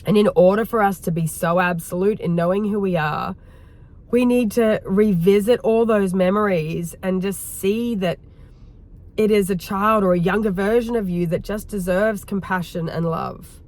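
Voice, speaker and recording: A woman hosting her own video and leading a heartfelt guided reflection, rambling gently and filling her talk with "like". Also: mid-range voice, normal speed. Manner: rambling, heartfelt, full of "like" fillers. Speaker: wellness host.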